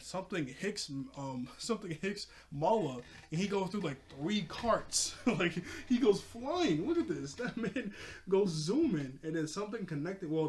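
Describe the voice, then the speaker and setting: A man casually recapping a cartoon episode, excitable and laughing often as he talks to his viewers. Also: a little high, slight background noise. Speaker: cartoon reviewer.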